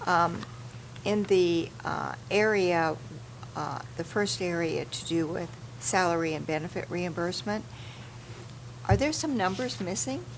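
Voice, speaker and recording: A woman's voice: on the low side, measured pace, creaky. A woman board member hesitantly asking questions at a public meeting, searching for words. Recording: noisy meeting-room mic.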